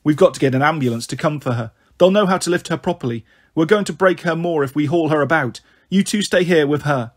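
A man's voice: on the high side, fast talker, lightly acted. A man voicing a frightened young girl comforting her siblings, pleading and anxious.

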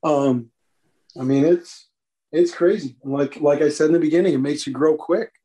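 A police officer guest in a casual interview tells stories in a fairly high male voice at a moderate pace. He's animated, voicing the people in his anecdotes as he goes.

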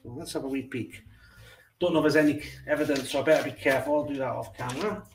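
A Scottish man chatting casually in a vlog as he opens his fan mail, with frequent warm exclamations and asides to his cat. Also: medium pitch, steady tone, fast, recorded from a distance, over music. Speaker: coin collecting channel host. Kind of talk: casual vlog chat while opening mail.

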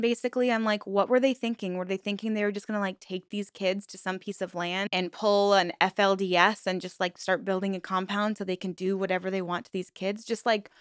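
A woman's voice: medium pitch, fairly bright tone, smooth, no room sound, studio quality. A young woman hosting a true-crime commentary, talking emphatically and indignantly with lots of "like". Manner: indignant, emphatic, heavy use of "like". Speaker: commentary channel host.

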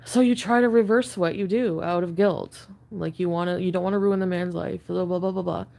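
A woman venting to camera in a rambling, profane confessional rant. She says she is high on an edible, and her speech is full of fillers and restarts. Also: steady tone, fairly quick, gravelly, darkish tone. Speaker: online video creator.

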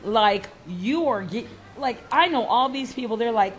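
A woman's voice: fairly high pitch, animated, unhurried. Blunt, swearing woman host. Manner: blunt, emphatic, swears freely. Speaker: event host and speaker. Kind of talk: casual live chat to viewers.

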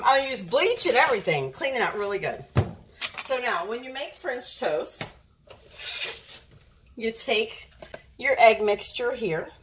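A woman's voice: medium pitch, fairly bright tone, slight background noise. A woman filming a casual cooking vlog in her home kitchen, chatting to viewers and doting on her dog. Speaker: dog owner vlogger.

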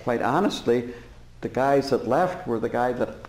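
A man giving a dharma talk as a Buddhist teacher, telling stories in a relaxed way with frequent fillers and chuckles. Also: medium pitch, moderate pace. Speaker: Buddhist teacher and former prison chaplain. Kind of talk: dharma talk to a live audience. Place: meditation center hall. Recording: roomy hall reverb.

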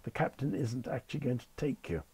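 An older man telling stories as a podcast guest, wry and understated, with polite, measured phrasing. His voice is slightly husky and the recording is close and dry. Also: mid-range voice, expressive, mellow, dry recording. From United Kingdom. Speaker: retired Concorde captain, guest. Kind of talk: anecdotal interview storytelling.

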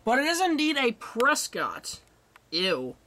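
A man's voice: high voice, expressive, moderate pace, a bit bright, a little hiss or hum. A teenage young man casually walking through a rebuilt computer, rambling and correcting himself as he goes. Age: teens. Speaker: hobbyist showing a rebuilt computer. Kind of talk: casual show-and-tell.

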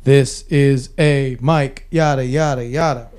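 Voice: medium pitch, steady tone, slow pace, a little mellow, echoey room. A laid-back host running the tech, chatting casually while checking the microphones. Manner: laid-back, counts through mic checks. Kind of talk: casual chat during mic checks.

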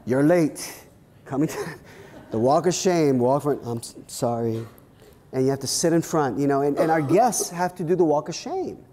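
Animated male pastor in a reverberant hall. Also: on the high side, moderate pace. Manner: animated storytelling with many restarts. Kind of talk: workshop talk with personal stories. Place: church hall at a leadership weekend.

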